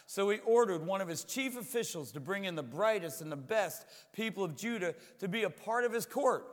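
High-voiced male pastor preaching in a hall. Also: animated, a little fast. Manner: conversational, repeats words while searching. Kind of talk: sermon.

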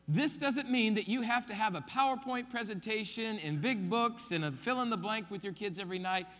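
A man's voice: sits high, a bit bright, big-room sound. A man pastor preaching a sermon, emphatic, repeating his key points and counting them off.

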